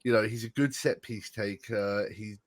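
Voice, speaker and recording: A man's voice: lowish voice, fairly even intonation, normal speed, no room sound. A man co-hosting a casual fan podcast, stammering and chuckling between thoughts. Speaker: podcast co-host.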